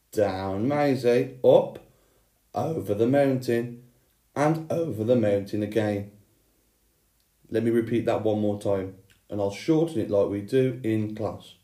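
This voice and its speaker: A male teacher reading a children's story aloud and then giving a handwriting lesson, clear and expressive. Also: lowish voice.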